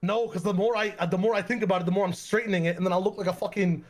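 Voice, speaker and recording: A man's voice: high voice, steady tone, racing. A man chatting casually with friends on a stream, nervous and laughing. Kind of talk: casual chat.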